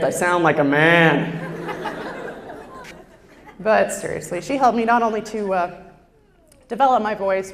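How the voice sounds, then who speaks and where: A woman telling a self-deprecating stand-up story on stage through a lapel mic, chatty and full of filler words. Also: on the high side. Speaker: stand-up performer. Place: stage before a live audience. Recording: roomy stage hall echo.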